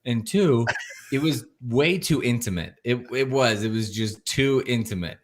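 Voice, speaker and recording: A man in his thirties telling a story in a relaxed, casual chat, laughing easily and often restarting his sentences. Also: mid-range voice, a little slow, noisy background. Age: 30s. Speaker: show co-host.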